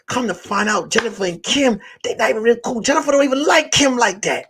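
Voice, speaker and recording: Animated husky male comedian storyteller. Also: very high voice, fast talker, few pauses. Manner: acts out characters, swings from hushed to shouting. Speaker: comedian and podcast host.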